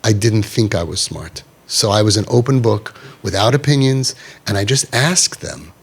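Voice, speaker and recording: A man's voice: on the low side, lively intonation, normal speed, slightly rough. A middle-aged man leading a parents' group, talking emphatically and repeating himself, with Yiddish and Hebrew words mixed in. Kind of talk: animated talk to a parents' group.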